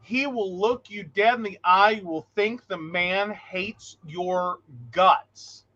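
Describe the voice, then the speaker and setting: Laughing a lot, this podcast co-host acts out quotes as he tells stories in a relaxed chat. He speaks slowly in a high voice, captured with lo-fi sound.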